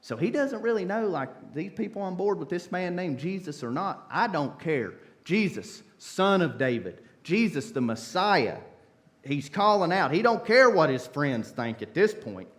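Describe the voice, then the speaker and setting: A preacher man delivers a sermon in a church, his voice swinging up and down with lively energy. He talks in a folksy, storytelling way, dropping casual asides to the congregation. His voice sits a touch high for a man. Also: moderate pace, few pauses. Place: church sanctuary.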